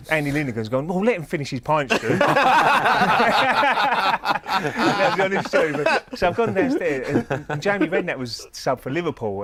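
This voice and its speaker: A former footballer telling a relaxed, laughing story in casual chat. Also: male voice, fairly high pitch. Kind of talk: casual anecdote on a chat show.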